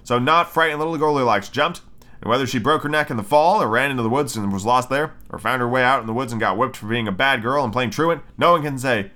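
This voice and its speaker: Podcast host, male, bright tone, casual reader, swears freely. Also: medium pitch, fast. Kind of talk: casual storybook reading with profane commentary.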